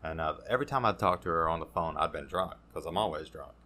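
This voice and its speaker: A man with a low but bright voice tells his recovery story as a podcast guest in casual, conversational fashion. His speech is halting, with many fillers and restarts.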